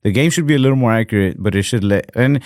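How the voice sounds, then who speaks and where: Co-hosting a casual comedy podcast, a young man from the United States rambles along, packing his speech with "like" and "fucking." He sounds animated, with a lowish, darkish voice and a quick pace, recorded dry at studio quality.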